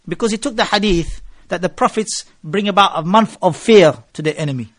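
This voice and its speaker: A man's voice: high voice, a little fast, hardly any pauses, no echo. A male preacher, lecturing a gathering and telling stories, with phrases mixed into his English. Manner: mixes Arabic phrases into English, animated storytelling. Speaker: Islamic preacher.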